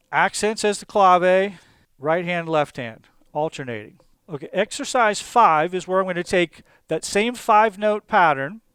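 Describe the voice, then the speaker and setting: Calm, methodical male drum teacher. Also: high voice, clean tone, dry recording. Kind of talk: instructional explanation.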